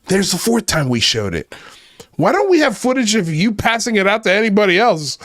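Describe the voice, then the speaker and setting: A high-voiced man gives casual, profane commentary over a clip, mocking what he watches. He laughs often and talks loosely. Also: fairly bright tone. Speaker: reaction video host.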